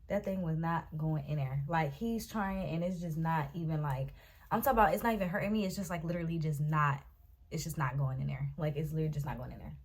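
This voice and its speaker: Low-voiced, husky, and fast-talking, a young woman vlogger dramatically retells a story for her viewers. She's animated, speaks right to them, and calls them y'all and baby.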